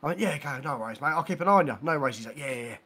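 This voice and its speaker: A young British man co-hosting a podcast, telling an excitable story in casual chat and acting out the quotes. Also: on the high side, rapid-fire, breathy edge. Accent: British English. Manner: excitable, acts out quotes, laughs as he talks. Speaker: podcast co-host.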